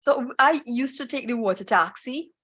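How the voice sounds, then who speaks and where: A woman's voice: on the high side, normal speed, a bit bright, husky. A woman with a Trinidadian accent, a journalist guest chatting in an easygoing, detailed way in an interview. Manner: chatty, detailed, frequent restarts. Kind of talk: casual interview chat.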